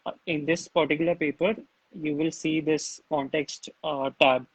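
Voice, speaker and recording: A man's voice: a little high, steady tone, moderate pace, breathy edge, no echo, rough recording. A man in casual chat, hesitantly prompting the other speaker with many fillers.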